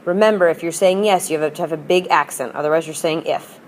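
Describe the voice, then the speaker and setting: A woman teacher explains grammar with patient, upbeat energy and models example phrases. Her voice sits a little low. A faint hiss runs under the recording. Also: quick pace. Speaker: Spanish teacher. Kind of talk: recorded classroom lesson.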